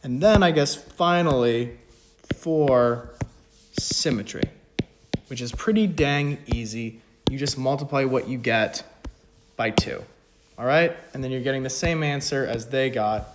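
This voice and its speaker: Here a male economics tutor talks through a math problem a little slowly, his voice medium in pitch, with background noise audible. The lesson is casual and laced with self-deprecating jokes between steps.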